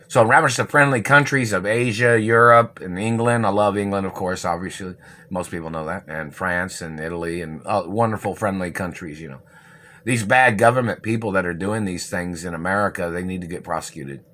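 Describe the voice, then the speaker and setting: Agitated man with a bright, tense voice. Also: mid-range voice. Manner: agitated, accusatory, repeats phrases. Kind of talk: monologue to camera.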